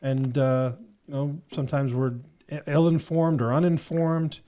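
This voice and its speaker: A male podcast host talks things through in an earnest, meandering way. He leans on fillers as he works toward his point, in a relaxed conversational tone. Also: fairly high pitch, moderate pace. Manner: earnest and rambling, with many "you know" fillers. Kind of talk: reflective casual conversation.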